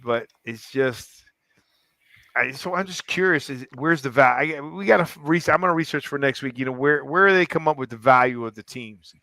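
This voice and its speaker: A man hosting a casual sports podcast, talking in an animated, rambling way with many restarts. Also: medium pitch, normal speed, dry recording. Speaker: podcast host. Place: club in downtown Fort Lauderdale.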